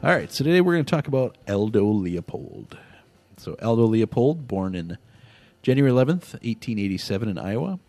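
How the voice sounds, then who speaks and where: A man's voice: fairly low pitch, very animated, a little fast, gravelly, darkish tone, no room sound, faint music behind. A man hosting a casual podcast, laughing often and telling stories with animation. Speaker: podcast host. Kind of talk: casual chat.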